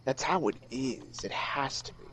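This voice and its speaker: A man's voice: medium pitch, lively intonation, moderate pace, fairly bright tone, in a whisper, poor audio. A man in casual chat, ranting profanely about other players. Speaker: gamer.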